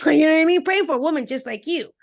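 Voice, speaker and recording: A woman dating coach talking as a podcast interview guest, energetic and emphatic, speaking straight to her listeners and acting out little voices. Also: fast talker, gravelly. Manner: acts out voices with expressive pitch swings.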